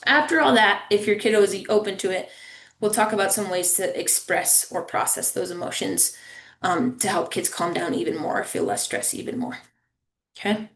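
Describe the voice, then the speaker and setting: The audio is reverberant as a woman with a mid-range voice presents a family engagement webinar by video call at a moderate pace. She keeps things warm and conversational, checking on listeners with "right?" and "okay?".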